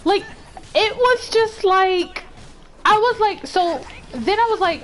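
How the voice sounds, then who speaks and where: A woman streamer telling a story in a casual, profane, animated way, rising to heated outbursts. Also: very high-pitched, a little slow, a little hiss or hum. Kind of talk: casual storytime while gaming. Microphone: desk microphone.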